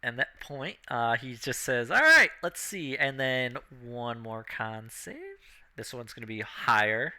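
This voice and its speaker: Male game master, unhurried and casual, sharp bright tone, lots of "um" and "like". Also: medium pitch, expressive. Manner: laid-back, filler-heavy, chuckling. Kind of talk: narrating a tabletop game.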